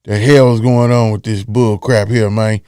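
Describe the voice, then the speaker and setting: A man's voice: lowish voice, level tone, unhurried, warm tone, clean tone. A man hosting a casual talk show, rambling loosely and repeating phrases for emphasis. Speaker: podcast host.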